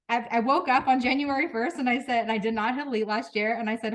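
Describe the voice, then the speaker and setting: A woman in her thirties speaking frankly and emotionally to her team on a group video call, with quick restarts and laughs. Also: a little high, fairly even intonation, fairly bright tone. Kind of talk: candid motivational talk.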